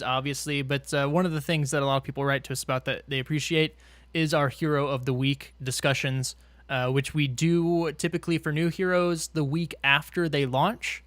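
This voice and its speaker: A man's voice: a little high, a bit bright, no room sound. Upbeat man hosting a podcast. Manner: upbeat, quick, laughs often. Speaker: podcast host. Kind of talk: casual podcast chat.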